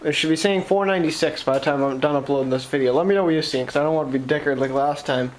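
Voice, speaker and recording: A man's voice: fairly high pitch, very fast, slight background noise. A young man with a Boston accent chatting casually to camera from his shop, rambling and swearing as he jokes. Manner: rambling, profane, jokey. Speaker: vlogger.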